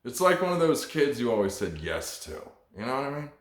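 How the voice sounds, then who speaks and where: Cussing comedy podcast guy ranting solo, bouncy pitch, echoey room. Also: sing-song, brisk. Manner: profane, rambling, mock-preachy. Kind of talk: rambling comedic monologue.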